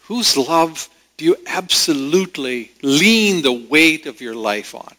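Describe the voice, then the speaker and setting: A male pastor preaching a sermon at a slow, unhurried pace. His voice is bright and fairly high for a man, and he pauses often to reflect. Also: animated.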